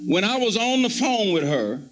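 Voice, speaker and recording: A man's voice: high-pitched, sing-song, normal speed, a bit bright, low-quality recording. A man preaching a sermon testimony, telling his story and acting out his own prayers in a pleading, fervent voice.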